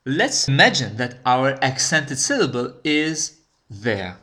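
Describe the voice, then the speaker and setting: A man giving a recorded lecture, explaining step by step in a slow, deliberate way and checking in with "okay?". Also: mid-range voice, fairly bright tone. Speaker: language teacher.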